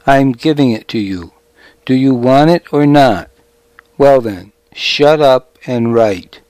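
A man's voice: medium pitch, animated, takes it slowly, darkish tone, smooth, no echo. Sneering old soldier, curt, bitter, as a man reads him, dry sound. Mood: scornful.

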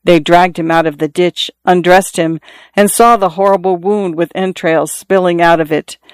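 A reader narrating a story with steady, measured pacing. The voice is smooth and clear, with a middling pitch. It sounds dry and close, with no room around it. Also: dry recording. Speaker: audiobook reader. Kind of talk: scripted narration.

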